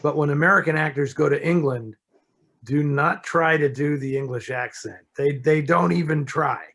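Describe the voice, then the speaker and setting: A man answering listener questions as a film expert in a relaxed, conversational way, often restarting and saying "you know". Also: fairly high pitch, normal speed. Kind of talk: casual chat.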